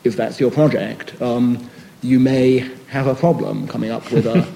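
Hesitant academic guy on a panel, warm low-key voice, lots of ums, hall echo. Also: fairly even intonation, measured pace, vocal fry, slight background noise. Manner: hesitant, many fillers and restarts, thoughtful. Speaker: panelist answering a question. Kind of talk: academic discussion.

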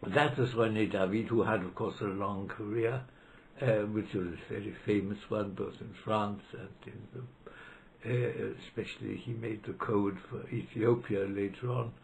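A man's voice: lowish voice, steady tone, a little slow, gravelly, a little hiss or hum, low-quality recording. An older man whose first language is not English, recalling colleagues in an oral history interview with frequent hesitations. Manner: hesitant, anecdotal, acts out quotes in raised voice. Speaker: interviewee, retired law professor.

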